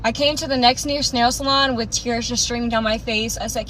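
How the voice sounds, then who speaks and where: A woman's voice: fairly high pitch, steady tone, a little fast, fairly bright tone, slight background noise, rough recording. A young woman telling a dramatic, sarcastic storytime rant.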